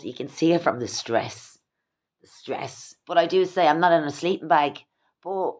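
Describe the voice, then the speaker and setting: An Irish woman speaks fast in a confessional home vlog, looping back over her words as she goes. Her voice sits a little low for a woman. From Ireland. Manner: rambling, fast, repeats herself. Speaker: vlogger. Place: at home in her own small place.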